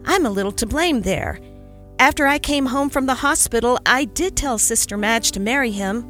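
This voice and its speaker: A woman's voice: fairly high pitch, animated, normal speed, fairly bright tone, faint music behind. A woman voicing an eager, earnest young boy in a storybook reading.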